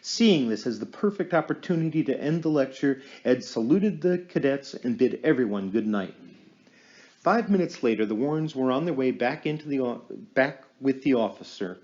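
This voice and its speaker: A man narrating an audiobook in a measured storytelling manner. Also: medium pitch, animated, darkish tone, dull audio. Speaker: audiobook reader.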